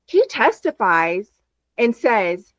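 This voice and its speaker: A woman from Texas chatting as a guest, telling stories in an animated, rapid way over a video call. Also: fairly high pitch, dry recording, lo-fi sound. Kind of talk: casual chat.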